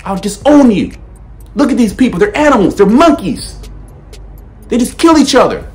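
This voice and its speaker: A man's voice: extremely high pitch, big pitch swings, moderate pace, voice pushed up. A man putting on the voice of a contemptuous, bigoted parent scolding a child. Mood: sneering. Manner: contemptuous, mocking.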